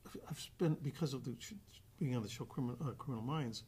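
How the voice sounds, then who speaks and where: A man telling a guest anecdote in an animated way, acting out the voices of the other people with frequent restarts. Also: medium pitch, fast, a little hiss or hum. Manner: acts out quoted dialogue with restarts. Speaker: actor guest.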